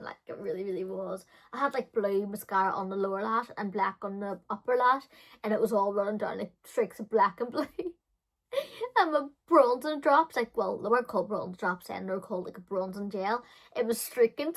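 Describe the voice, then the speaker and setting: A woman's voice: mid-range voice, a little fast, fairly bright tone. A woman in her thirties telling a personal story in a chatty, dramatic way, full of filler words. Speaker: vlogger. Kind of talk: casual storytime chat.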